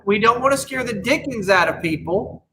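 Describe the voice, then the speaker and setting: A man's voice: sits high, expressive, normal speed, background noise. A man co-hosting a podcast in casual chat, opinionated and rambling, often restarting his sentences. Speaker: podcast co-host.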